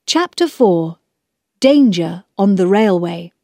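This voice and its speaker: A woman reads a children's storybook aloud at an unhurried pace, clear and measured. Her pitch moves a lot, and the recording sounds dry and close. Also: expressive, a little mellow, dry recording. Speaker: narrator. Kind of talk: storybook reading.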